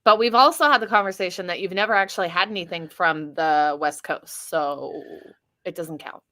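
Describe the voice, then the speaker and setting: A woman co-hosting a casual podcast chat, teasing her co-host with quick comebacks and lots of laughter. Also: on the low side, sharp tone. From US Midwest, grew up with a rural accent.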